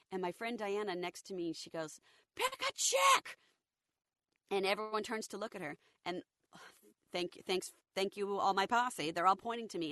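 A woman voice actor telling stories in a casual interview, her voice deep and rough as she recovers from an illness, acting out quotes with energy. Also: no room sound, clean studio sound. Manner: lively anecdotal, acts out quotes. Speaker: voice actor guest.

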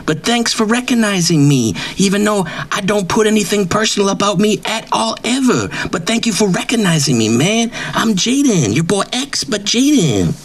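A man plays a swaggering wrestling writer for comedy, bragging brashly without end, repeating catchphrases and constantly drawling "man." His voice is pushed up high with lively intonation, at a moderate pace with hardly any pauses.

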